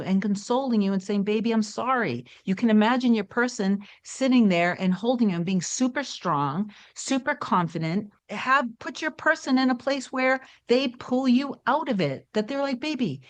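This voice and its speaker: A woman's voice: fairly high pitch, normal speed, hardly any pauses. Reassuring woman coaching viewers. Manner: warm, reassuring, conversational with many asides. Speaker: manifestation coach. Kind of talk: casual coaching monologue to camera.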